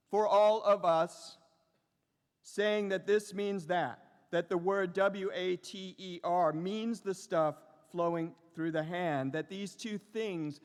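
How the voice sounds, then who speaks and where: Reflective middle-aged male lecturer, echoing hall. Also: high voice. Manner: slow, reflective, lyrical, with many pauses and repetitions. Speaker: professor. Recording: long reverb of a large hall.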